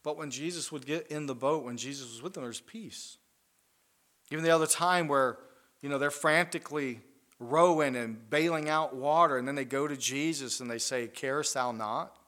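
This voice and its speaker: A man preaching a sermon in an earnest way, swelling loud on key lines and dropping soft and low after them. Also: moderate pace.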